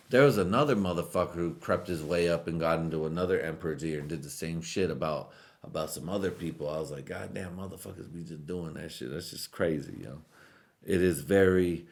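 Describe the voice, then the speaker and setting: A stoned man hosts a podcast with a very low voice. He rambles and swears through a loose monologue, and his talk keeps drifting and breaking into laughter. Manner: rambling, profane, laughs often. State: high. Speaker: podcast host.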